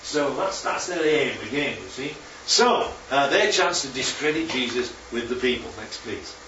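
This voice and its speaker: A man runs a relaxed Bible class with slides, his medium-pitched voice animated, pushed and bright at a normal speed. He's chatty and keeps checking on his audience; the hall recording sounds distant and muffled, with a little hiss or hum.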